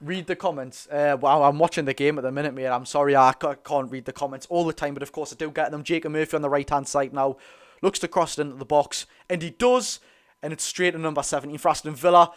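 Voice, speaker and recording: A man with a Geordie accent giving excited, rapid live football commentary as host of a fan watch-along, cheering his side on. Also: fairly high pitch. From North East England. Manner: talks very fast; animated, cheers players on.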